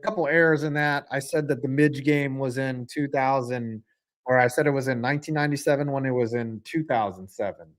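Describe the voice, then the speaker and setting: A man's voice: medium pitch, brisk. A young man streaming a live football game, calling plays, reading chat and cracking crude jokes. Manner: jokey, profane, swings from flat mutters to excited outbursts. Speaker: streamer and sports commentator.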